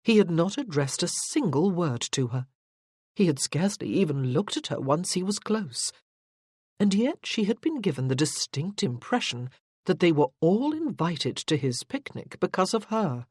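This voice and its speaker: Measured audiobook narrator, dry sound. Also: medium pitch, slightly rough, no room sound. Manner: even, measured reading. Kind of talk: audiobook narration of a period romance.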